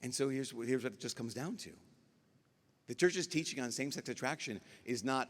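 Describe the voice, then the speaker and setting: A man, a priest speaking at a youth conference, giving a lively talk and acting out dialogue as he tells stories. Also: mid-range voice, fairly quick. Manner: animated storyteller acting out dialogue. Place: large conference hall. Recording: long hall reverb.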